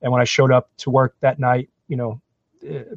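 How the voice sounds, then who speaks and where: A man from Florida telling his career story in a podcast interview, animated and self-deprecating. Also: medium pitch, normal speed, no echo, lo-fi sound. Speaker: guest, actor.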